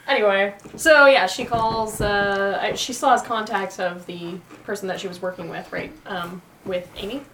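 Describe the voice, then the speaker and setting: A playful woman playing a tabletop game, laughing often between quick jokes. Her voice sits in the middle of the range and sounds roomy, caught a little away from the microphone, with a faint hiss underneath. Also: medium pitch, steady tone, a bit bright, far from the mic. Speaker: player. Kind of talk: casual tabletop game chat.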